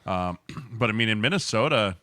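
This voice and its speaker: A former lineman, a man, tells easygoing stories on a podcast. His voice is on the low side, with a bright, forceful edge. It is recorded dry and close. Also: lively intonation, moderate pace, no echo. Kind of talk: casual chat.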